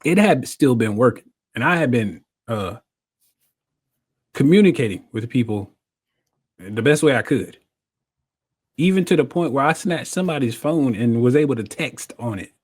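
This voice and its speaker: A man telling his story in a casual chat, animated and laughing often as he acts out what people said. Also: mid-range voice, normal speed, long pauses, breathy edge.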